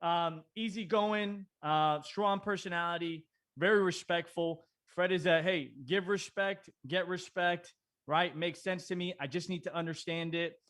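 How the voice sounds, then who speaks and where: A man's voice: sits high, fairly even intonation, moderate pace, few pauses, a bit bright. A man co-hosting a podcast, chatty and teasing in a casual interview. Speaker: guest co-host.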